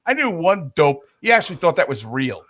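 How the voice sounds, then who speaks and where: A man co-hosting a casual sports podcast, chiming in with jokes and quick comments. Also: a little high, sing-song, a bit bright. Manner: joking interjections. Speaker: podcast co-host. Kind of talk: casual chat.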